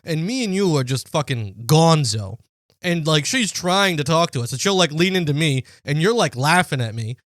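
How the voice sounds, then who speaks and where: A young man co-hosts a casual podcast, dropping deadpan, sarcastic asides in a slightly high voice. The recording is close and dry. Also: moderate pace, no room sound. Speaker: podcast co-host. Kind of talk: casual chat.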